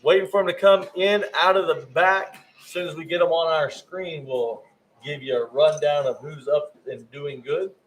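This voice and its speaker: A man's voice: a little high, moderate pace, fairly bright tone, slight background noise, low-quality recording. A man giving live race commentary, often stumbling over rider names and correcting himself.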